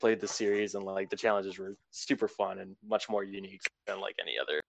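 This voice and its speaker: A young man talking casually in an exit interview about a game he was eliminated from, rambling with lots of fillers in a fairly monotone voice. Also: low voice, fairly quick, creaky, noisy background. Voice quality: self-described monotone. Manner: rambling, filler-heavy, laid-back. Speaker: eliminated player being interviewed.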